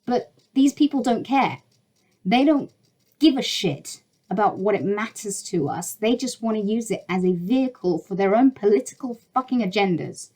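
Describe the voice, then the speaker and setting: A woman's voice: medium pitch, expressive, moderate pace, a little mellow, low-quality recording. Exasperated woman ranting bluntly to camera. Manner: exasperated, blunt, swears freely. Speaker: YouTuber. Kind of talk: heated opinion rant to camera.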